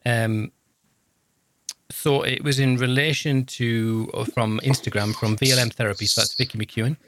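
A man's voice: medium pitch, steady tone, normal speed, a bit bright, no room sound. A man in his fifties co-hosting a podcast, chatting casually in a jokey, rambling, self-deprecating way. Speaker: podcast co-host, social worker. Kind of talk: casual chat.

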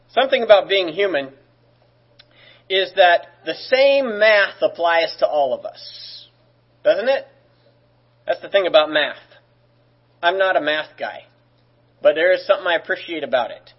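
A man's voice: high-pitched, animated, a little slow, pauses often, highs cut off. A man preaching as a pastor, in a conversational way with joking asides. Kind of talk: sermon.

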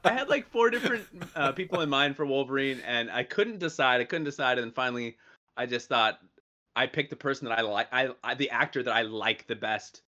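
A man's voice: mid-range voice, lively intonation, fairly quick, sharp tone, highs cut off. A man chatting casually as a podcast co-host, rambling with many fillers and restarts. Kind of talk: casual chat.

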